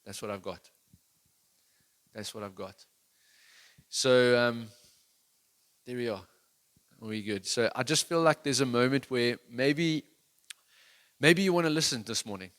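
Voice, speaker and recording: A man's voice: mid-range voice, a little slow, pauses often, a bit bright. A man preaching a sermon as pastor, talking in a conversational, earnest way that rises into emphatic bursts.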